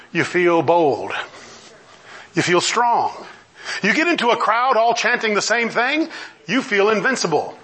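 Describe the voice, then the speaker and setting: A man's voice: high-pitched, bright, forceful tone. A middle-aged man preaching a sermon, emphatic, firing off mocking rhetorical questions and laughing often. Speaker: pastor.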